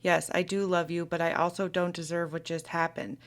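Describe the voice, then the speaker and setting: A woman's voice: lowish voice, little pitch movement, fairly quick, close to an everyday voice. A woman reading aloud a young woman's text messages as she defends herself in an argument, with little acting. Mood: defensive.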